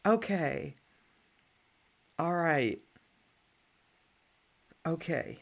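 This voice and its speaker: A streamer chatting through a live game stream, moving between excited exclamations and mumbled asides. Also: mid-range voice, takes it slowly, long pauses. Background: faint lo-fi music.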